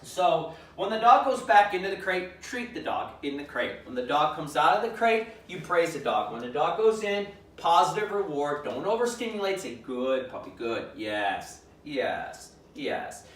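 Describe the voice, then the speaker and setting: Man, dog trainer, fairly high voice, calm instructive delivery, echoey room, a bit off-mic. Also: normal speed, few pauses, recorded from a distance. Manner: calm, demonstrates commands aloud. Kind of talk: instructional demonstration.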